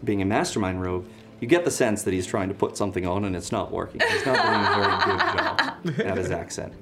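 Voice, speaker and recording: A man running a tabletop game as game master, narrating with lively storytelling. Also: low-pitched, fast, very noisy.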